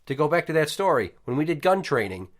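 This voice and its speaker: Profane storytelling man, animated. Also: on the high side, fast. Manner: profane, animated, acts out quotes. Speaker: podcast host. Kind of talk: casual storytelling.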